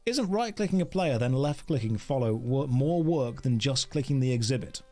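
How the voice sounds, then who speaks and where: A man's voice: medium pitch, lively intonation, moderate pace, dark tone, faint music behind. A man chatting playfully with viewers during a casual game stream, joking as he plays.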